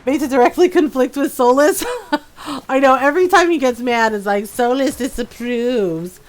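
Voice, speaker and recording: Woman streamer, higher-pitched, casual running commentary, quick to laugh and mimic characters. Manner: chatty, laughs often, mimics characters mockingly. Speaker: game streamer. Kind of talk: casual commentary while playing.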